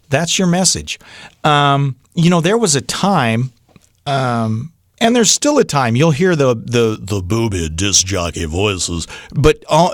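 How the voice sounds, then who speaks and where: A man's voice: mid-range voice, dry recording, studio quality. A middle-aged man coaching voiceover beginners in a casual, genuine tutorial, talking conversationally with fillers and restarts. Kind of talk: casual tutorial talk to camera.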